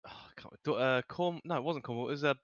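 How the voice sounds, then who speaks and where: Hesitant guy on a podcast, keeps restarting, dull dry mic, mid pitch. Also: fast talker, dry recording. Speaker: podcast co-host. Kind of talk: casual podcast chat.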